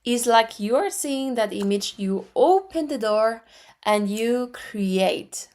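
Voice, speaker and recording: A woman in her forties with an Argentine Spanish accent, teaching metaphysics in a slow, deliberate way with frequent restarts. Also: a little high, expressive, a little mellow. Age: 40s. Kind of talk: spiritual teaching talk.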